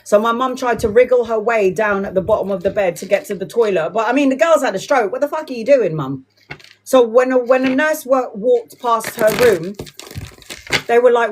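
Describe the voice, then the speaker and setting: A woman gives a live tarot reading in a slightly high voice at normal speed, with a little background noise. Blunt and emotional, she swears freely and calls her viewers "my love" and "sweetheart."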